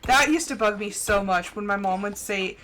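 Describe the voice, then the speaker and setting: A young woman streaming a farming game, chatting fast and casually with a slight lisp and lots of "like". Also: medium pitch, a bit bright, slight background noise. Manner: chatty, fast, says "like" a lot. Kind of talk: casual chat while gaming. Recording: faint music underneath.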